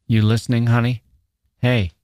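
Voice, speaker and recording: A man reading the part of a menacing, smooth-talking male stalker, coaxing in a casual drawl full of slang. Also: medium pitch, little pitch movement, normal speed, a little mellow, dry recording, studio quality, voice pushed up, natural voice.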